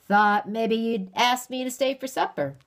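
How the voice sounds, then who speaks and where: A woman's voice: on the high side, a little slow, pitched above the performer's own voice. A woman voicing a heavy-set, bearded backwoods stranger who is sly and cheerful, talking in a folksy drawl. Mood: folksy coaxing.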